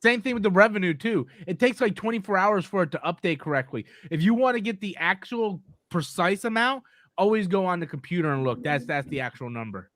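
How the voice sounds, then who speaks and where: A man's voice: sits high, expressive, a little fast, fairly bright tone, no room sound, clean studio sound. A man hosting a live movie talk stream, ranting casually, exasperated, repeating himself and swearing freely.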